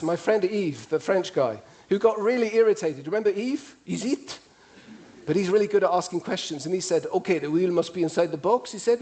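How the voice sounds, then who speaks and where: Animated Italian-accented man telling stories. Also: high voice. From Italy. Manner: animated, acts out dialogue in quoted voices. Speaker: speaker giving a talk. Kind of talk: humorous storytelling talk.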